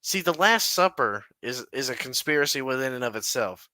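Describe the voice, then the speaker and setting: A man's voice: mid-range voice, expressive, fairly quick, few pauses, sharp tone, dry recording. A man co-hosting a podcast, trading crude jokes in casual banter and laughing often. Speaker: podcast co-host.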